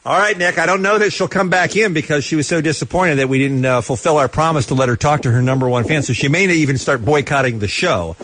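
A man co-hosting a radio talk show, teasing a caller in lively banter and mimicking others in quoted lines. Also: a little high, fast, hardly any pauses, poor audio. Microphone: studio mic.

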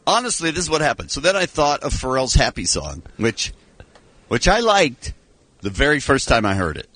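A man's voice: a little high, sing-song, normal speed, long pauses, sharp tone, breathy edge, no room sound. Wry, rambling man on studio radio. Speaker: radio show regular. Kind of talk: casual radio chat.

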